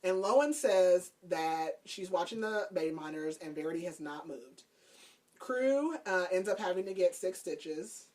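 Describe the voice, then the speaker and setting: A woman's voice: fairly low pitch, lively intonation, normal speed, darkish tone. A woman podcast host casually recapping a book's plot, chatty and laughing, with lots of "like". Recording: voice a bit far from the mic.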